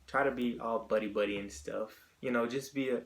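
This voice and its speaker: A wrestling vlogger delivers a casual solo monologue in a medium-pitched, fairly even male voice, speaking fairly quickly. Chatty and opinionated, he thinks aloud and often rephrases mid-sentence.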